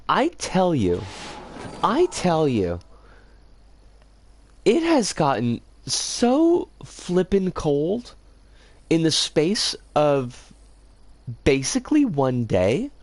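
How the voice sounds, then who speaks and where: Wildly animated woman streamer. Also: low voice, drawn-out words, pauses often, no room sound. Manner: chatty, rambling, bursts into frustrated outbursts. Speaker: game streamer. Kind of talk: casual live-stream commentary while playing.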